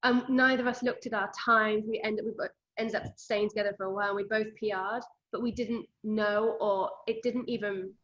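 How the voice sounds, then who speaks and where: Woman host, lively storyteller, slightly muffled recording. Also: medium pitch, normal speed, few pauses. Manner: animated, quotes herself in lively bursts. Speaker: running coach and podcast host. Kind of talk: emotional conversational storytelling. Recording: slightly dull lo-fi audio.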